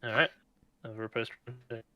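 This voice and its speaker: A man narrating as game master on a video call, describing the action in a relaxed way and laughing often. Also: lowish voice, fast talker, heavy background noise.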